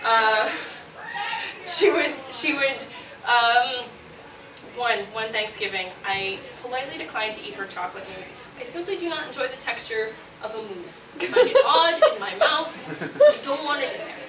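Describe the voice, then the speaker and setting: A woman's voice: sits high, moderate pace, crowd noise. Brash storytelling woman on a distant, echoey stage. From Nova Scotia, Canada. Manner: animated, brash, laughs at her own lines, yells punchlines. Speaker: solo comedy performer. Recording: roomy, distant, noisy live room recording.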